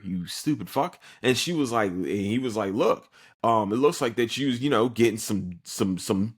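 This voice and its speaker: A man recaps an anime episode in a loose, profane podcast chat. His voice sits fairly low, and he keeps slipping into quick, exaggerated character voices. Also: breathy edge. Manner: animated storyteller who acts out characters in quick put-on voices; swears freely, loose and joking.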